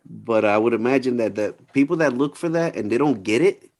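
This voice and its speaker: A man co-hosting a podcast who talks in a relaxed way, with casual swearing and restarts. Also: medium pitch, a little fast. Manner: relaxed, swears freely, repeats himself. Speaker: podcast co-host. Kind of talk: casual chat.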